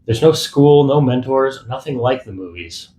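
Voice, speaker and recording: A man voicing a calm, firm young man in an audiobook, steady and reassuring. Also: on the low side, unhurried, echoey room, slight background noise, natural voice. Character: young man, gentle but firm partner. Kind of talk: audiobook character voice.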